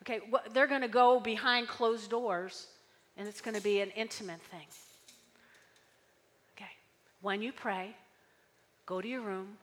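A woman pastor preaching a sermon, animated and full of call-and-response, often checking in with "okay?". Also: mid-range voice, measured pace, long pauses, big-room sound. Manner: animated, repeating key words, frequent "okay?".

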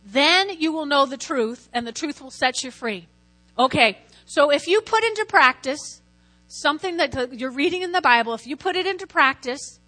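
A woman preaching a sermon in a lively way, calling out to her listeners and asking them to answer back. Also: sits high. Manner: lively, lots of call-and-response. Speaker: Christian teacher preaching.

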